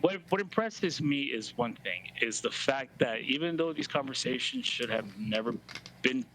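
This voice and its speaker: A man on a casual reaction show with a bright, forceful voice and a faint hiss of background noise. He speaks hesitantly and restarts his sentences, and his voice falls to a whisper when the subject upsets him. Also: medium pitch, lively intonation, normal speed, poor audio. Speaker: co-host guest.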